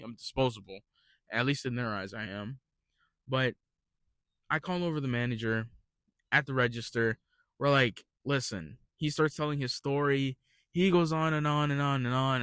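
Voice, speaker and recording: A man's voice: medium pitch, fairly bright tone, dry recording. A young man telling retail work stories in a rambling, ranting casual monologue, swearing freely.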